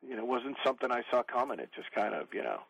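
A man's voice: mid-range voice, sing-song, rapid-fire, creaky, a bit bright, slightly rough, no echo, poor audio. A middle-aged man, telling profane, rambling comic stories in a casual chat as a podcast guest.

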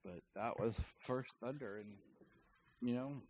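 A man's voice: medium pitch, a little slow, a little mellow, slight background noise, low-quality recording. A man casually retelling and reviewing a comic, rambling with many fillers. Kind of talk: casual chat.

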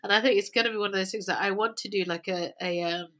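A young woman, a podcast guest in casual conversation, telling stories in a lively way and acting out sounds and quotes. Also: mid-range voice, quick pace.

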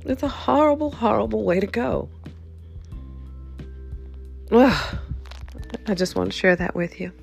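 A woman's voice: medium pitch, expressive, fairly quick, vocal fry, hardly any pauses, soft background music. A woman hosting a podcast, telling a profane comic rant about bad jobs, laughing often as she talks. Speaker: podcast host. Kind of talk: comedic storytelling rant.

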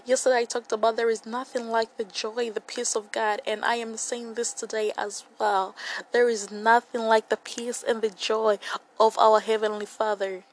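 A woman's voice: on the high side, level tone, normal speed, slight background noise, low-quality recording. A young woman giving a devotional Bible reflection in an earnest way, often repeating phrases for emphasis.

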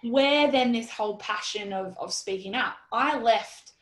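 An Australian woman in her thirties telling a story in an interview, animated and blunt, quoting herself and swearing freely. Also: a little high, a little slow. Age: 30s. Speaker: guest. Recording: roomy echoey sound.

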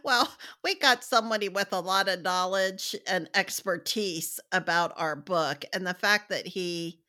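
A woman's voice: fairly low pitch, measured pace, sharp tone. A woman from the United States co-hosting a book podcast, speaking in an effusive, gushing way and laughing often. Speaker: podcast co-host. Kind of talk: casual book-club podcast chat.

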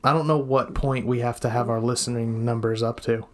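A man's voice: mid-range voice, steady tone, fairly quick. A young man co-hosting a podcast, chatting casually and rambling with lots of ums and restarts, recorded at home. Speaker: podcast co-host. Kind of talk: casual chat. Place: home room.

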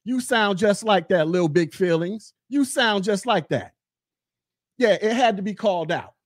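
A man rants on his podcast, mocking a rival and coming back again and again to the same taunts. His voice sits high for a man. It is recorded close and dry, with no room sound. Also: lively intonation, unhurried, dry recording. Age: 40s. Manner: mocking, heated, repeats taunts. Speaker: podcast host. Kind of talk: casual commentary rant.

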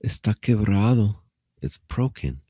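A man's voice: on the low side, lively intonation, a little slow, mellow, breathy edge, no echo, studio quality, voice pushed up. A man voicing a distressed male prison inmate who pleads, mixing Spanish and English.

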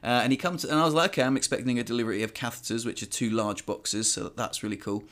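A man's voice: medium pitch, steady tone, quick pace, fairly bright tone. Man telling a story. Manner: storytelling, self-mocking. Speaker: podcast co-host. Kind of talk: casual chat, anecdotes. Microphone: headphones on, podcast mic.

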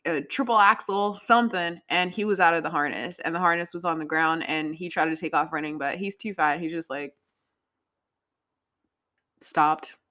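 A woman's voice: low-pitched, moderate pace, pushed and bright. A woman hosting a podcast, chatting casually in a rambling way, swearing freely and laughing often. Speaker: podcast host. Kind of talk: casual chat.

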